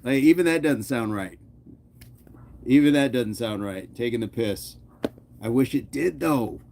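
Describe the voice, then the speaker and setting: A man's voice: medium pitch, expressive, a little slow, vocal fry, darkish tone. A man hosting a fitness channel, chatting casually with his live chat, joking often and laughing. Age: adult.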